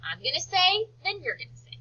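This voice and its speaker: A woman teacher leading a slow phonics lesson for young children, stretching out words for them to repeat and praising them often. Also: extremely high pitch, wildly swooping pitch, sharp tone, highs cut off. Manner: slow, drawn-out word modelling and encouraging praise.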